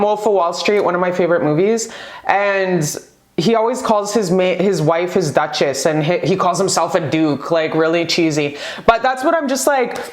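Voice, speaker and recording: A woman doing a casual pick-a-card tarot reading, excitable and gushing, rambling into asides and swearing freely. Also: medium pitch, roomy sound.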